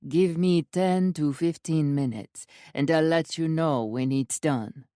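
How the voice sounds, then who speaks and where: A woman's voice: low voice, slow, mellow, no echo, studio quality. A woman doing a crooning Italian charmer. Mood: affectionate. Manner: smooth, crooning. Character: charming Italian man, old high school sweetheart.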